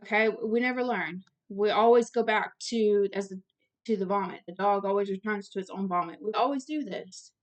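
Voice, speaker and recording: A woman's voice: mid-range voice, moderate pace. Earnest woman reading scripture aloud. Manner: earnest, direct, stumbles over long words. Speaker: Bible teacher.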